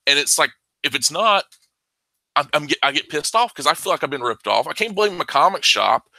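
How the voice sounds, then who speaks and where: Fast-talking bright-voiced man. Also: a little high, gravelly, no room sound, poor audio. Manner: fast, excitable, swears freely. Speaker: podcast guest, comics fan. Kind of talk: casual podcast chat.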